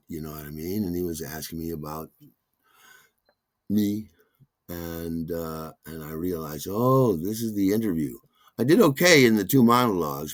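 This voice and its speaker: A man's voice: sits low, no room sound, clean studio sound. A man hosting a podcast, telling a rambling, self-deprecating personal story full of asides. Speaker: podcast host.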